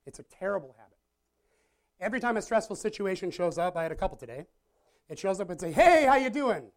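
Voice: mid-range voice, expressive, fast talker. A pastor giving a casual, conversational sermon to a live audience, often checking in with listeners and joking at their own expense. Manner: chatty, self-deprecating, asks the audience questions. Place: church or meeting room with a live audience.

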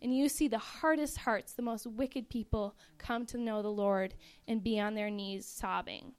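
A woman's voice: on the high side, fairly even intonation, normal speed, smooth. A young woman, an actress in a touring ministry show, vividly and earnestly describing the show to an audience.

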